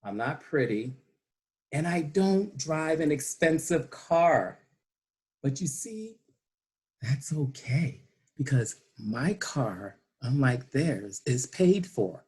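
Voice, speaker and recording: A man delivers a prepared humorous speech to his club over a video call. He speaks slowly, leaning on dramatic pauses. His pitch rises and falls in a lively way as he tells the story.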